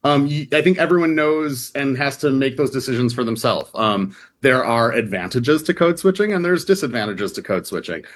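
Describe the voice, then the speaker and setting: A man's voice: medium pitch, moderate pace, few pauses. Man from the Midwest, radio interview guest, conversational and filler-heavy. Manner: chatty, lots of fillers and "like". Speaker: reporter guest.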